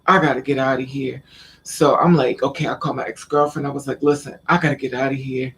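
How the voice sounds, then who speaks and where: A man tells a personal story straight to the camera, blunt and full of swearing, quoting what everyone said. His voice is gravelly at a middle pitch. There is faint noise behind him. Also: level tone, fast, a bit bright. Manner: blunt, profane, quotes people in conversation. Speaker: vlogger. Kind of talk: casual storytelling monologue.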